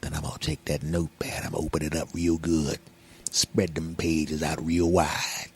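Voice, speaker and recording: A man voicing a grumbling, sly alter ego of himself in a lower, quieter voice. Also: level tone, moderate pace, vocal fry, a little hiss or hum.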